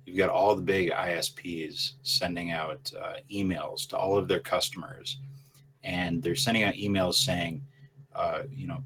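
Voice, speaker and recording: A man with a very deep, low voice talks through a topic in casual podcast chat. He rambles, swears freely and lets his sentences trail off quietly, with a faint hiss of noise behind him. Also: little pitch movement, measured pace.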